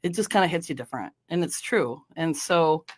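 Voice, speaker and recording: A woman from North Dakota hosts her own podcast, chatting on her own. She rambles along casually, restarting sentences and filling pauses with ums and you-knows. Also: deep voice, lively intonation. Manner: chatty, meandering, many fillers and restarts. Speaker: podcast host. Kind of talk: casual solo podcast chat.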